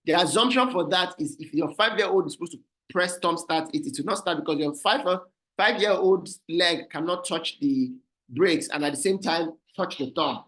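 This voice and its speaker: A man with a Nigerian accent giving a fast online business presentation, often ending points with "right?". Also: fairly high pitch, fairly bright tone, low-quality recording. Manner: fast, repeats "right?" as a tag. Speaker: guest speaker. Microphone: video call.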